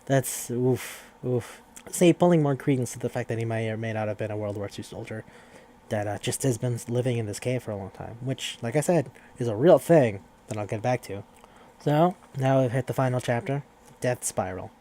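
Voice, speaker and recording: Mellow-voiced man rambling through a recap. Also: mid-range voice, moderate pace. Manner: rambling and profane, with frequent restarts. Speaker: podcast host. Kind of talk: casual recap of a horror manga.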